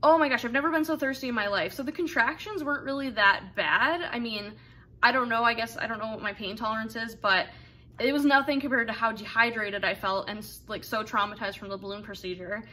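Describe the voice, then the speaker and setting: A woman's voice: fairly high pitch, a little fast, bright, forceful tone. A young woman candidly telling a personal story in a casual, rambling way, full of fillers and asides. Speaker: vlogger telling her birth story.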